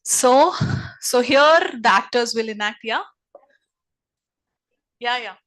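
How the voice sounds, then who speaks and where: A woman with an Indian English accent leading a group workshop, gently reassuring and repeating her encouragement. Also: fairly high pitch, slow, rough recording. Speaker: workshop facilitator.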